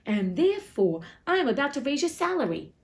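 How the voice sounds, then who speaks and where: Gruff, stern old miser boss for a storybook read-aloud, voiced by a woman. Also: high-pitched, very animated, brisk, pitched above the performer's own voice, exaggerated voice. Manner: growling, stern. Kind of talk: storybook reading.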